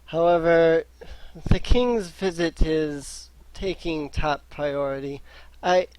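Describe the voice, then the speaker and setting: A man voicing a weary, busy male temple cleric who speaks in a sighing, measured way. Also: on the high side, a little mellow, no echo, poor audio. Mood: tired.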